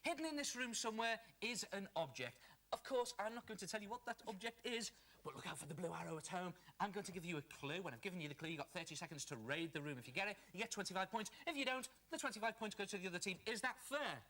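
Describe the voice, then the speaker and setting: Man, game show host, high voice, bright and sharp tone, teasing, loud bursts of cheering. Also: expressive, fast talker. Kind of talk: children's game show presenting.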